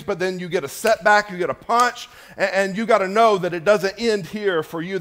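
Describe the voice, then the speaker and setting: Man preaching a sermon, swinging loud to hushed. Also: fairly high pitch. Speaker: pastor. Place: church.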